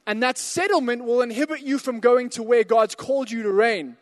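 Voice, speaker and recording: A pastor telling a personal story in a sermon, rising to emphatic calls to the congregation. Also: male voice, very high voice, a little fast, long reverb tail. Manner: storytelling, builds to emphatic exhortations.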